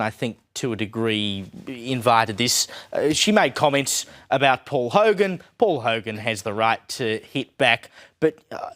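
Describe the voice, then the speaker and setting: Sardonic Australian man commentating. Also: medium pitch. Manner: casual, sardonic, frequent "uh" fillers. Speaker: political commentator. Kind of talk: opinionated panel commentary.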